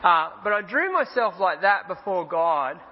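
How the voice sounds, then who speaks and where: A male pastor preaching casually, reading scripture slowly and with emphasis. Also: sits high, big pitch swings. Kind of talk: sermon. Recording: dull roomy hall sound.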